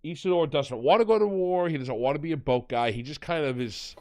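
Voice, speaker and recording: A man's voice: fairly high pitch, brisk, warm tone, dry recording. Sarcastic man rambling through a show recap. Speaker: podcast host. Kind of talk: casual review chat.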